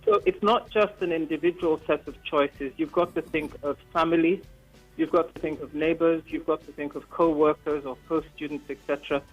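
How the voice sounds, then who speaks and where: A man with a somewhat high voice joins the panel over a remote link, earnest and persuasive and filling his pauses with ums. The line sounds dull and lo-fi, with faint music in the background. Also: fairly even intonation. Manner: earnest, persuasive, with many fillers. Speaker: panel guest.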